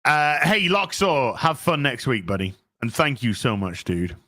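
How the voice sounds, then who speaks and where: Animated, swearing livestream host man. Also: medium pitch, measured pace, no echo, clean studio sound. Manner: animated, profane, boastful. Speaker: streamer host. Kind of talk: casual livestream chat reading donations.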